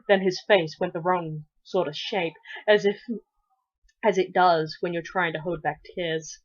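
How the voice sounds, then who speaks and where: A woman's voice: fairly low pitch, fairly even intonation, measured pace. A woman giving a parody storybook reading, narrating with giggly, irreverent asides. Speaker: reader. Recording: dull lo-fi recording.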